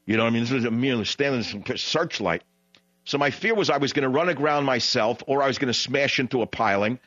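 A man hosting a call-in radio show, telling a long rambling anecdote in a blunt, digressive way, his voice jumping high when he retells what others said. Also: quick pace, a bit bright, dry recording, muffled recording. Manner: blunt, digressive, frequent "blah, blah, blah". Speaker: radio talk show host.

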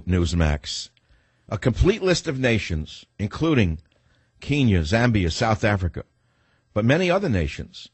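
A man hosting talk radio with a husky, low-pitched voice. He fires sarcastic rhetorical questions at his listeners. The sound is dry and close to the mic. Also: dry recording. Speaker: radio talk show host. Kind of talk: combative talk radio monologue.

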